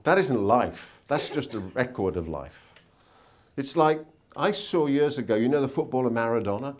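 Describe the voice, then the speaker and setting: A man's voice: medium pitch, moderate pace, slight background noise. A man giving a motivational seminar talk in a hotel conference room, telling anecdotes and asking tag questions. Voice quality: animated storyteller, asks tag questions. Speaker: seminar speaker.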